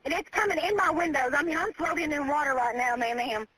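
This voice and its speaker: A woman's voice: high-pitched, fast, pushed and bright, no room sound. A terrified woman, pleading and sobbing on an emergency phone call. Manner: pleading, repeats herself. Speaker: caller. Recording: telephone line with faint noise.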